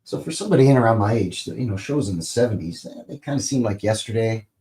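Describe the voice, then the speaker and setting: A man's voice: on the low side, lively intonation, fast talker, warm tone. A man in his fifties hosting a casual live stream, commenting on old TV clips in a rambling way with joking asides and lots of fillers. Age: 50s. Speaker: channel host.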